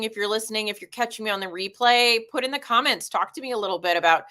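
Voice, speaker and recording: A woman's voice: mid-range voice, pushed and bright. A woman in her forties hosting a casual livestream, chatting and reading viewer comments aloud. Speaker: livestream host.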